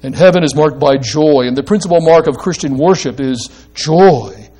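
A man's voice: a little high, normal speed, mellow. A man preaching a sermon, emphatic and asking the congregation questions as he explains a passage. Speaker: pastor.

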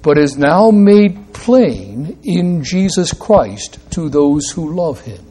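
A male pastor preaching a sermon, teaching through rhetorical questions and wry asides, swinging between loud emphasis and quiet low drops. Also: very animated, slow pace, husky.

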